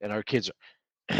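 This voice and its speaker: A man co-hosting a casual podcast about parenting, telling animated stories and acting out his kids' lines. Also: lowish voice, gravelly, husky, dry recording, lo-fi sound. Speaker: podcast co-host. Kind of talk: casual chat.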